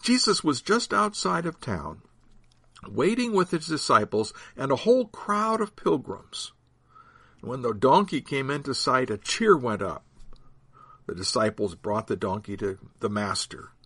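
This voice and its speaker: A male pastor telling a scripted short story. His voice is husky and mid-pitched, with a very animated melody. The sound is dry and up close. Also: unhurried, no room sound. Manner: expressive, prayerful storyteller.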